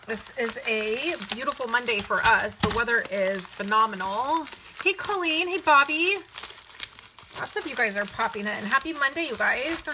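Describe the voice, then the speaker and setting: A woman's voice: a little high, moderate pace, noisy background. A woman hosting a live card-making stream, chatting casually and greeting viewers by name. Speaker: card-making livestream host.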